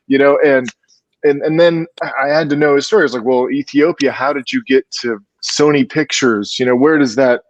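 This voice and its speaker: A man, a filmmaker appearing as a guest, telling an animated, chatty story with lots of restarts. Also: medium pitch, fairly quick, no echo, low-quality recording. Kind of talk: storytelling in an interview.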